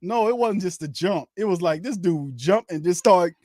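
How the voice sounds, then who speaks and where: This is a man narrating a game for his watch-party crowd, talking loosely and quickly through each play. His voice runs somewhat high, and it climbs further when he gets exasperated or breaks into laughter. The sound is close and dry, with no room around it. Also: animated, darkish tone, dry recording. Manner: exasperated, laughing, rising to high-pitched disbelief. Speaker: host giving live game commentary.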